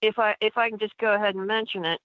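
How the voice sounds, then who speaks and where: A woman calls in by phone as a guest on a radio show, talking chattily and restarting her sentences often. Her voice is mid-pitched and comes through a thin, tinny phone line. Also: steady tone, no room sound. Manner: halting, many restarts, chatty. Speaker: paranormal investigator guest. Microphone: telephone.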